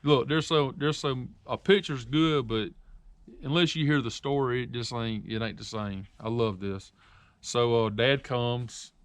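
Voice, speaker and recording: A man's voice: mid-range voice, fairly even intonation, a little slow, clean tone, no room sound. Chatty man hosting an outdoors interview. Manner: joking, chatty, sarcastic asides. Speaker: outdoors show host. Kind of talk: casual interview.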